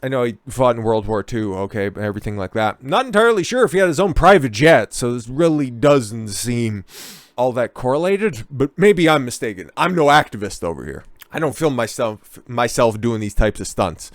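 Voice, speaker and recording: A man's voice: mid-range voice, very animated, normal speed, no room sound, clean studio sound. A man hosting a reaction commentary, ranting with heavy profanity and sarcasm. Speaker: commentary channel host.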